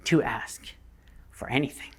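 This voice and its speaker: A man's voice: a little slow, lightly acted. A man voicing a grieving writer remembering his mother. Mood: wistful.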